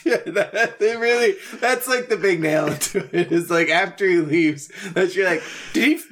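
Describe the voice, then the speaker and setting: Chatty guy telling a goofy story, slightly high voice, does the voices and the bump bump noises. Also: normal speed, a little hiss or hum. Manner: animated storyteller, acts out others and sound effects. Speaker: podcast co-host. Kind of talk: casual chat.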